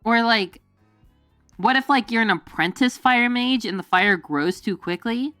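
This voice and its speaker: A woman's voice: on the high side, a little slow, sharp tone, no echo, soft background music. Dry-voiced woman rambling on stream. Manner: rambling, laughing, many fillers. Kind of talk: casual chat.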